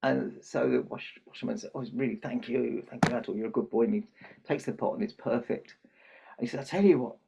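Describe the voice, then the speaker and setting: Over some background noise in muffled, lo-fi podcast audio, an older man with a creaky mid-range voice speaks fairly quickly with fairly even intonation. He works as Santa and is recounting a children's story in an interview, performing the characters' dialogue.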